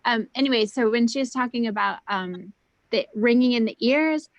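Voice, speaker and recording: A woman chatting as a guest on a video call, rambling with lots of "like" and "um" and at times dropping her voice to a hush. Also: on the high side, normal speed, dry recording, rough recording. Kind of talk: casual video call chat.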